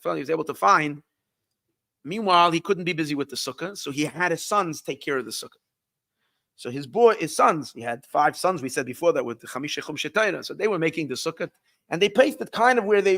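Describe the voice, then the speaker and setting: A man, a rabbi, telling a long story in a halting way, often restarting and repeating words, with Yiddish words mixed in. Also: fairly high pitch, vocal fry, fairly bright tone, no echo, clean studio sound. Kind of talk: storytelling talk.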